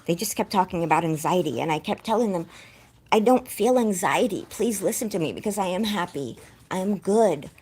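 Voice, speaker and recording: In a husky, darkish, fairly low voice with lively intonation and a brisk pace, a young woman vlogger recounts a distressing personal experience to her viewers. Close to tears, she rambles and breaks off now and then to scold her dog.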